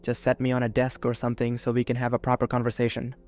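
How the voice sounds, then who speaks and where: A man voicing an ancient Sith woman's spirit kept in a holocron, speaking with gentle, motherly patience. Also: medium pitch, completely flat delivery, fast, soft background music, natural voice.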